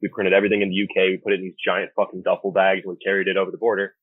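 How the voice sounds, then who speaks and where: A man's voice: low-pitched, monotone, racing, husky, no echo. A young American man and band vocalist, telling tour stories in a blunt, profane, laid-back way. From United States. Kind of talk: casual interview chat. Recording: phone-like remote call audio.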